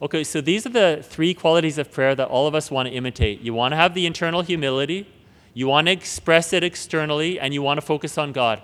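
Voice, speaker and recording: A man giving an earnest spoken teaching on prayer, often repeating words and dropping to a hush when reciting prayers. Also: a little high, fast. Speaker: preacher. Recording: long hall reverb.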